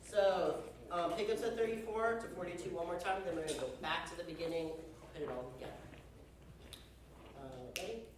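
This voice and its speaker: With a crowd audible behind him, a young man directs a band rehearsal in a high-pitched voice, talking a little fast. He's chatty and joking, saying "y'all" as he gives instructions, captured from a distance in a very echoey hall.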